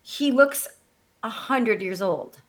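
Excitable, teasing woman chatting. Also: a little high, slow. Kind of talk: casual chat.

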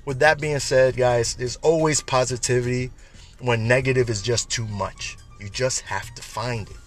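A man hosting a casual, uplifting message for his listeners, chatty and repetitive, often laughing at his own jokes. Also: mid-range voice. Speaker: podcast host.

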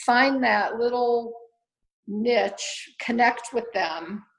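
Woman personal trainer, kinda gravelly voice, talks it through with lots of ums, earnest and encouraging. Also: fairly high pitch, very slow, poor audio. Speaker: personal trainer with her own studio. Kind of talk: casual interview answers.

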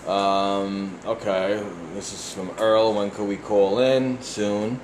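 A man with a New York accent and a deep voice, hosting a casual podcast and bluntly reading listener emails with plenty of swearing. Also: flat delivery, slow pace, hardly any pauses, reverberant, noisy background. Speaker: podcast host.

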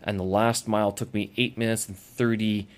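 A man's voice: on the low side, level tone, moderate pace. A man hosting a casual solo audio blog, talking off the cuff with lots of fillers and restarts. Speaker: podcast host. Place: lives abroad as an expat.

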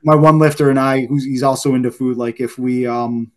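A man telling loose, animated stories in casual podcast chat, swearing freely and saying "like" a lot. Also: medium pitch, brisk. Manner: loose, profane, heavy use of "like"; animated anecdote teller. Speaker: podcast guest.

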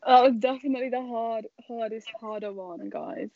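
A woman's voice: on the high side, moderate pace, gravelly, a little mellow, muffled recording. A woman co-hosting a podcast in casual chat, reluctant and self-deprecating. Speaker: podcast co-host.

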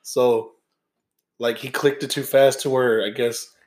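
A young man hosting a podcast in relaxed, joking casual chat, swearing freely. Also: medium pitch, measured pace. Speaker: podcast co-host.

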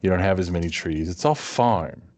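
A man's voice: sits low, moderate pace, darkish tone, no echo. A man from New England co-hosting a podcast, talking casually and thinking aloud with plenty of fillers. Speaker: podcast co-host. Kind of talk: casual chat.

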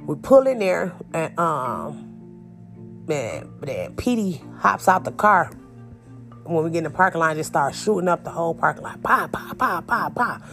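A young woman, animated and slangy, telling a personal story and acting out the quotes. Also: low-pitched, unhurried, faint music behind. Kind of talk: casual storytelling.

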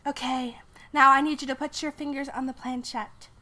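A woman voicing a cheerful young woman psychic medium who talks in a bright, matter-of-fact way. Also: high-pitched, little pitch movement, moderate pace, pitched above the performer's own voice. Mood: chirpy.

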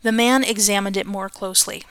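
A woman's voice: mid-range voice, fairly even intonation, brisk, a bit bright, clean tone, no echo. A woman host reading a book aloud on her podcast, chatty and self-correcting, laughing at her own slips.

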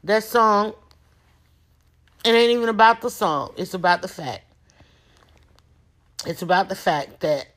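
Speaking slowly with frequent pauses, this woman has a mid-range voice. She's a small business owner delivering an offhand, slang-filled monologue in a preachy, emphatic way, hammering her points through repetition.

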